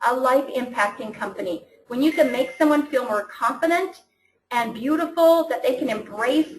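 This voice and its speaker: A chatty, enthusiastic woman talks her team through a casual training call, stumbling and restarting as she goes. Her voice sits fairly high. The sound has the echo of a roomy space. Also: moderate pace, a little hiss or hum. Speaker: team coach.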